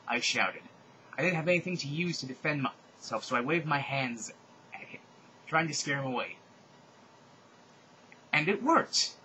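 A man's voice: medium pitch, pushed and bright, slight background noise, low-quality recording. A man hosting a comedic reading of fan fiction, with sardonic, exasperated asides.

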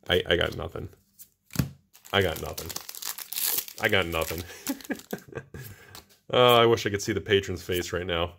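A male host giving casual, excitable, joking commentary while opening card packs. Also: on the low side, slight background noise. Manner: excitable, exclaiming, jokey.

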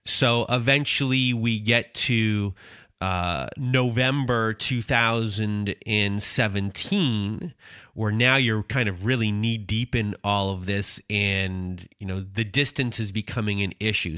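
A man hosting an interview podcast, recapping the guest's story in a measured way before asking his questions. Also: fairly low pitch, pushed and bright, clear, resonant tone, dry recording, studio quality.

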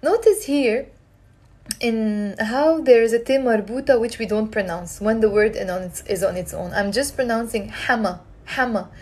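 A woman teaching Arabic live from her phone, lively and coaxing, repeating words for learners to drill. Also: fairly high pitch, normal speed. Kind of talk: live-streamed language lesson.

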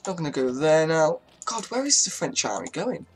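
A man's voice: fairly high pitch, very animated, normal speed. A man giving casual, chatty commentary on a strategy game, swearing freely and talking to his units as he moves them. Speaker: gaming YouTuber.

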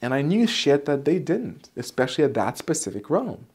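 A man's voice: a little high, sing-song, normal speed, darkish tone, husky. A man, an Aikido instructor, casually telling a personal story; candid, swearing at times and restarting his sentences.

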